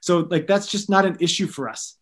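A man in his thirties, a missionary guest on a podcast, telling stories in an earnest, animated way with light jokes. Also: sits high, brisk. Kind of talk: storytelling in a podcast interview.

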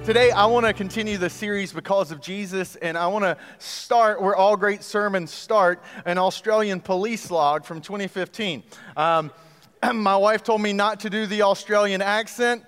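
Brief: male guest pastor, 30s, smooth and a bit high, joking storyteller, echoey hall. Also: normal speed, fairly bright tone, faint music behind. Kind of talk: sermon. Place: church auditorium.

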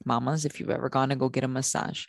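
A woman's voice: rumbling low, level tone, fast talker, vocal fry, no room sound. A woman hosting a talk for mothers, repeating her points and checking in with an "okay?" as she goes. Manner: repeats herself, says okay often; often stops and restarts sentences. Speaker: podcast host.

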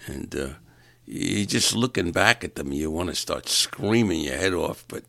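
A man's voice: low voice, animated, normal speed, creaky, sharp tone, dry recording, clean studio sound. A man in a rambling comic monologue, exasperated and ranting, stumbling over repeated words as he vents. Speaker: stand-up comedian.

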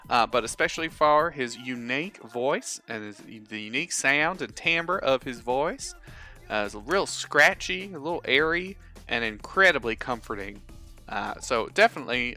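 A man's voice: a little high, pushed and bright. A band teacher, a man, talking in a put-on American Southern accent, chatty and rambling in a casual video lesson recorded at home at a table.

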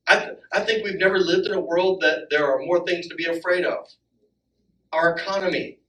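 A man in his thirties preaching a sermon as pastor, animated and acting out the quotes he reads. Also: brisk. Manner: animated, acts out quotes with rising pitch. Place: church sanctuary. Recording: echoey hall, from a distance.

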